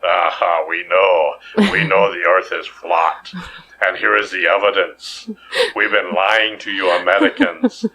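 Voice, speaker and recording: A man's voice: low voice, a little slow, sharp tone, slight background noise, exaggerated voice, rough recording. A man putting on a gloating mock Russian official.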